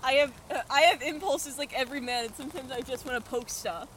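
A woman's voice: high-pitched, fast talker, fairly bright tone, slight background noise. A young woman co-hosting a podcast on a walk through woods, holding a handheld microphone, playful and stubborn. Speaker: podcast co-host. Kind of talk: casual chat while walking outdoors. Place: woods, outdoors.

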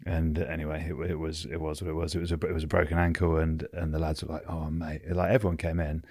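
A man's voice: a bass voice, level tone, fast, a little mellow, dry recording, studio quality. A middle-aged English man with an English accent telling frank, sweary stories as a guest in a casual chat. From England. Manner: frank, swears freely, many restarts. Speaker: guest, former rugby player. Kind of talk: casual storytelling.

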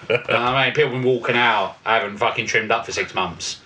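A man's voice: mid-range voice, quick pace, pushed and bright, distant mic. A man co-hosting a podcast, telling stories in casual, sweary banter and laughing often. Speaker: podcast co-host.

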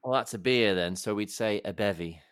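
A man's voice: fairly low pitch, brisk, fairly bright tone, clean tone. A man co-hosting in upbeat, chatty banter. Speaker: co-host. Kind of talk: casual banter.

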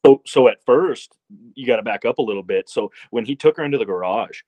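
A man guesting on a podcast, talking about a film in a relaxed, rambling way. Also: medium pitch, fairly quick, no echo. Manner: relaxed, rambling, many fillers. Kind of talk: casual movie discussion.

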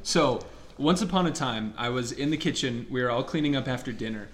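A young man co-hosting a podcast, telling a story in casual, animated chat and laughing as he goes. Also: medium pitch, fairly quick, a little hiss or hum. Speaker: podcast co-host.

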